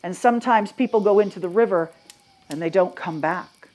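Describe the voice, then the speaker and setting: A woman from Maine telling ghost stories live to an audience, dropping to a hush and then rising loud and animated, asking the crowd questions. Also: lowish voice, normal speed. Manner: dramatic, swings from hushed to loud and animated. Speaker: storyteller.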